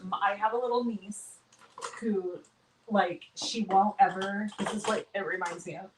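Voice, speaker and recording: Chatty and easygoing, this crafting stream host runs a live cardmaking lesson in a steady, middle-pitched voice, narrating each step as she goes. She stops to respond to viewers by name and often pokes fun at herself, though the audio is poor with slight background noise.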